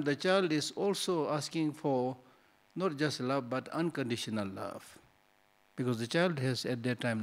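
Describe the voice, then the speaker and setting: In a hall, a male Buddhist teacher gives a dharma talk at a medium pitch. His manner is conversational and teasing, and he fills it with rhetorical questions.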